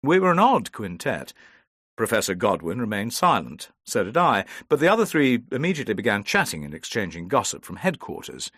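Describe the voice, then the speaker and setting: Man, audiobook narrator, low voice, lively intonation, dry close sound. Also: fairly quick, breathy edge, no echo. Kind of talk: first-person audiobook narration.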